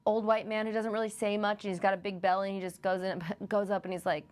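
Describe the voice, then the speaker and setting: A young woman co-hosting a podcast and chatting casually with her co-host. She laughs often and slips into quick impressions of movie lines. Her pitch sits mid-range for a woman. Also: little pitch movement. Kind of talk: casual chat.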